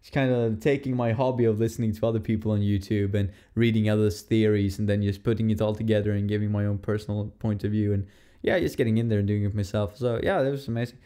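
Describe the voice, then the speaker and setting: A man's voice: lowish voice, fairly even intonation, quick pace, dark tone. A man hosting a casual solo podcast film review, rambling, correcting himself and laughing often. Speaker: podcast host.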